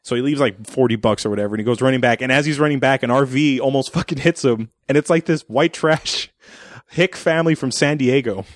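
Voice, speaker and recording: A man's voice: mid-range voice, a little fast, no echo, clean studio sound. A man co-hosting a podcast, recapping a movie in casual chat, swearing, laughing and briefly acting out characters. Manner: profane, laughing, acts out characters in silly voices. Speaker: podcast co-host.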